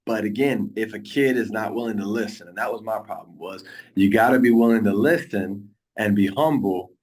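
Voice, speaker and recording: A man who coaches high school football, talking earnestly in a casual interview, rambling with frequent restarts. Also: normal speed, a little mellow.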